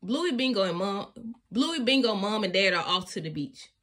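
A woman reading a children's storybook aloud in an expressive, sing-song way, often laughing along. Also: medium pitch, normal speed, slight background noise. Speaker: storybook reader.

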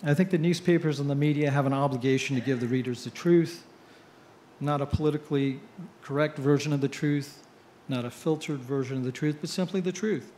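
A middle-aged man giving an after-dinner speech, telling jokes with punchline pauses. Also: fairly high pitch, darkish tone, a little hiss or hum. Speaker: editorial cartoonist giving a speech. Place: cruise ship event.

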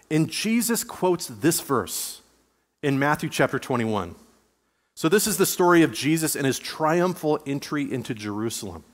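A man preaching a sermon as pastor, speaking conversationally and reading scripture aloud. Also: mid-range voice. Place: church sanctuary. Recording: long church hall reverb.

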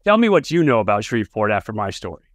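A man's voice: fairly low pitch, quick pace, no echo. A man hosting a sports podcast, chatty and telling stories as he interviews a coach. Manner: chatty storyteller, animated when telling a tale. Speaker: podcast host and analyst. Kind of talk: casual interview with anecdotes.

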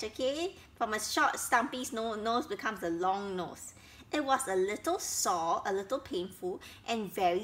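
A woman's voice: medium pitch, animated, fairly bright tone. A woman reading a children's story aloud, stopping often to explain it simply for young listeners. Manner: slow, explains each step for young listeners.

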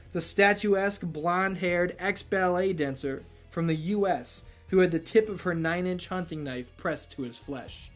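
A man reading a novel aloud as host, breaking off for sarcastic asides. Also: high voice. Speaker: reader and host.

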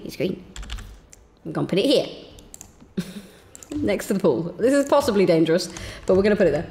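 A woman giving excitable, giggly commentary while playing a game on stream, talking to herself. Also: mid-range voice, in a large hall, a little hiss or hum. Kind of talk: gameplay commentary.

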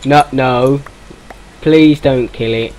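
A man's voice: mid-range voice, slow pace. A young man chatting casually while playing a game, yelping and laughing at what happens on screen. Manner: excitable, yelps and laughs at the game. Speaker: gaming channel host. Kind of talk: casual gameplay chat.

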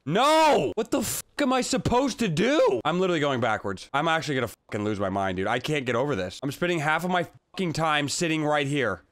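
Excitable young man swearing at a game. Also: on the high side, brisk, few pauses, dry recording, studio quality. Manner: loud, excitable, heavy swearing, frustrated outbursts. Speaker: gaming YouTuber. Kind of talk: live reactions while playing a game.

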